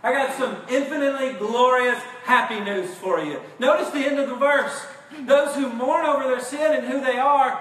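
Male preacher, high voice, hushed to shouting, distant mic in a reverberant church. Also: normal speed. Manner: impassioned, swings from hushed to shouting; acts out mock voices of listeners. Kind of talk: sermon. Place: church sanctuary. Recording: very echoey room, far from mic, faint noise.

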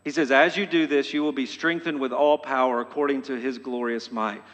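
A pastor preaching a sermon. He is emphatic and often repeats phrases, stumbling and restarting, and builds to loud exhortation. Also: medium pitch, fairly even intonation, a little fast. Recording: long hall reverb.

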